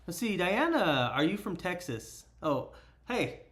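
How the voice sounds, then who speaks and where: Young guy from idaho rambling to his stream while he cooks, kinda high voice, echoey kitchen with the ac roaring. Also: sing-song, unhurried, fairly bright tone. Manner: chatty and rambling, lots of "like" and fillers. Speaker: cooking livestreamer. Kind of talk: casual live-stream chat while cooking. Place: home kitchen with loud air conditioner. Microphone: camera mic, moving near and far. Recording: echoey kitchen with appliance noise.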